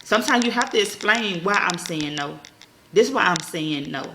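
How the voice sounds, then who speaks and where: A mother in her thirties telling a story to her viewers, talking fast and bluntly and swearing freely. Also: fairly low pitch, expressive. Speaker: vlogger, mother. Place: at home. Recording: echoey room, faint noise.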